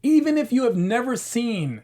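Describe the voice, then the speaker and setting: A man co-hosts a casual TV recap chat, animated and eager. His voice sits notably high for a man. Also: moderate pace. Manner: enthusiastic, animated. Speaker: co-host.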